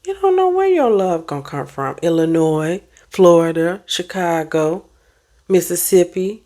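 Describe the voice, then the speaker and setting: A woman therapist and life coach giving animated, preachy advice in a casual motivational vlog, talking back to online commenters. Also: lowish voice, measured pace. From United States.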